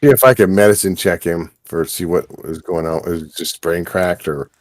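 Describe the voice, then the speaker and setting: A man's voice: sits low, moderate pace, no echo, studio quality. A man playing a tabletop game, talking casually and bluntly with some swearing. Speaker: player. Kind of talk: casual gaming chat.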